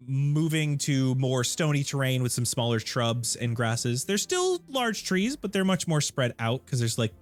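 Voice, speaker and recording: A man serving as game master, describing scenes with lively narration and wide swings in pitch.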